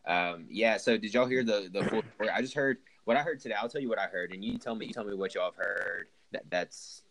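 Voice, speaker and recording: A young man hosts a loose sports talk show, rambling and restarting his sentences as he goes. His voice sits very low and sounds dry and close. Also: fairly bright tone, no room sound, low-quality recording. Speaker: podcast host. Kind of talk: casual sports chat.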